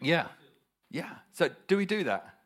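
Brief: male preacher, fairly high voice, emphatic delivery, rhetorical questions to the congregation. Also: sing-song, measured pace. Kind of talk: sermon.

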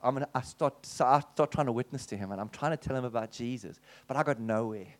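A South African man preaching, telling a personal testimony as a story with lively swings in his voice and frequent restarts and asides. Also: medium pitch, fast talker.

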